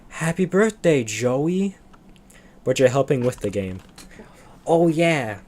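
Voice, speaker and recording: A man's voice: medium pitch, very animated, slow, a little mellow. A young man chatting on a livestream, rambling and losing his train of thought. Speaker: streamer. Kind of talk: casual livestream chat.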